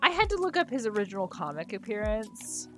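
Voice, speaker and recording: This is a woman talking casually on a live stream, at an ordinary pitch. She is enthusiastic and laughs easily. Faint music plays behind her. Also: big pitch swings, a little fast, pushed and bright.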